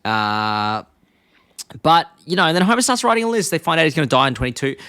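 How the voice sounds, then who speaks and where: A young man co-hosting a podcast, rambling through a plot recap and dropping into quick impressions of the characters. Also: on the high side, very animated, bright, forceful tone, clean tone, no echo, studio quality. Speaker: podcast co-host. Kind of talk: casual chat.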